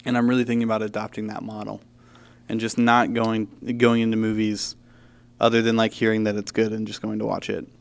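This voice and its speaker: Young male podcast host, clean resonant voice, lively casual chat with frequent laughs. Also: fairly low pitch, brisk, creaky, clear, resonant tone. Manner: animated, laughs often. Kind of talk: casual chat about movies.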